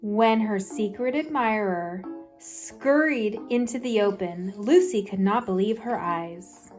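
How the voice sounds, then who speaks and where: A woman reading a picture book aloud with expressive storytelling, faint music underneath. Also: mid-range voice. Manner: slow, lively expressive reading. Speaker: guest reader.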